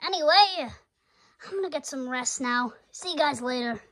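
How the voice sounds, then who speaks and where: A woman's voice: high-pitched, expressive, normal speed, a bit bright, low-quality recording. A woman voicing a playful cat monster toy in a homemade toy movie, chatting and wondering aloud as it tests its powers. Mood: curious.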